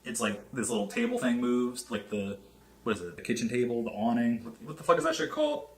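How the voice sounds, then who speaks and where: A man giving a casual, animated movie review, talking fast and swearing a lot. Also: medium pitch. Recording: echoey room.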